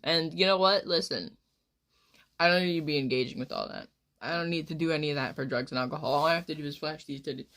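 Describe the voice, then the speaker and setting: A woman's voice: sits low, fast talker, a bit bright. A woman in her twenties, a streamer rambling through crude stories in casual chat. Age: 20s.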